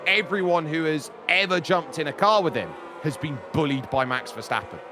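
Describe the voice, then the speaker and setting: A man commentating a sim racing event, talking loosely with fillers and rising to shouts when the action picks up. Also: a little high, lively intonation, moderate pace, music in the background. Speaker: race commentator.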